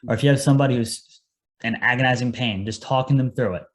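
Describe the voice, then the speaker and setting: An earnest young man talks casually as a podcast guest, telling how he got into his line of work. He speaks at an ordinary middle pitch and quotes his own past words as he goes. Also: fast. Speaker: guest, paramedic.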